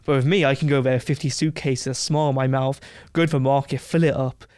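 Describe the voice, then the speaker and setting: A man as a podcast guest, telling rambling, animated anecdotes with frequent laughs in a casual interview. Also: medium pitch, quick pace, clear, resonant tone, dry recording.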